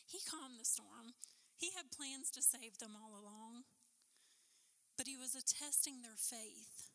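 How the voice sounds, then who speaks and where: A woman preaching a sermon in a high, very bright voice. She swings from impassioned, pressing questions to hushed, intense emphasis. Her words ring out with a long reverb through a chapel. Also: unhurried.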